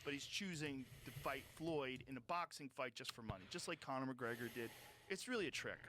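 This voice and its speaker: A man's voice: mid-range voice, expressive, fairly quick, bright, forceful tone, a little hiss or hum. A man talking animatedly and profanely as a podcast host in casual chat.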